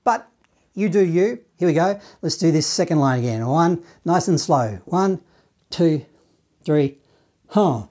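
A man's voice: a little high, measured pace, pauses often. Easygoing man teaching saxophone. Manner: relaxed, encouraging, scats the phrases with syllables. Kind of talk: online music lesson.

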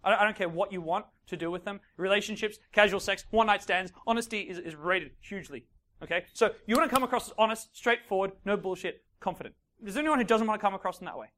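A man coaching a live audience as a dating coach. He talks in an animated way, acts out little scenes and keeps checking in with "right?" and "okay?". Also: high-pitched, quick pace. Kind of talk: live seminar talk to an audience.

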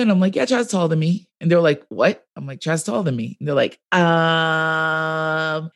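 A woman with a New York accent, co-hosting a podcast in casual, giggly, teasing chat. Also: low voice. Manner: giggly, fast-talking, teasing. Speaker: podcast co-host.

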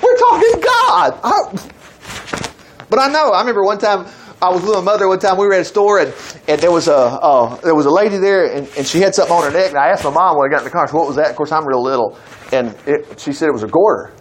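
A man preaching a folksy, emphatic sermon, reading scripture and adding excited asides. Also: fairly high pitch, fast, slight background noise.

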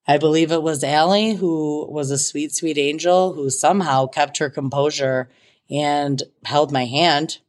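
A woman telling a casual storytime monologue in an animated, dramatic way, swearing freely. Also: low-pitched.

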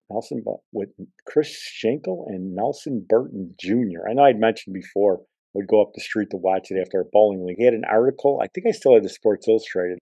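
A man's voice: lowish voice, dark tone, no echo, muffled recording. A man hosting a podcast, telling rambling personal stories in a casual, conversational way. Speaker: podcast host. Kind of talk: casual storytelling.

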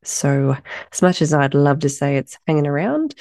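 A woman hosting her own podcast alone, her voice low and husky with a gravelly edge, hoarse after being ill. She talks in a warm, mellow tone, gushing and chatty, and the sound is dry and close. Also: sing-song, moderate pace, dry recording. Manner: enthusiastic, effusive, chatty. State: hoarse from recent illness. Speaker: podcast host. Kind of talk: solo podcast monologue.

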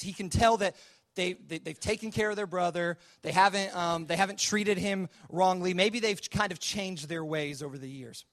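High-voiced man preaching a Bible story. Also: a bit bright. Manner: casual storytelling, acts out quoted characters. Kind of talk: sermon retelling a scripture story.

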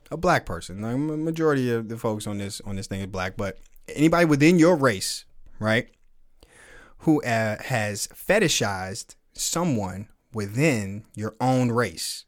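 Brief: middle-aged male podcast host, lively, profane storyteller, laughs a lot. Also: mid-range voice. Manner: animated, profane storyteller who laughs often. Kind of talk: casual podcast chat with live chat.

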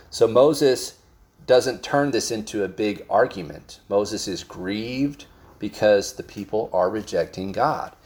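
A man with a fairly low voice delivers a sermon. He reads scripture passages aloud and then explains them in plain, everyday language, often stumbling and restarting his phrases. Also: a little mellow. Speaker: preacher.

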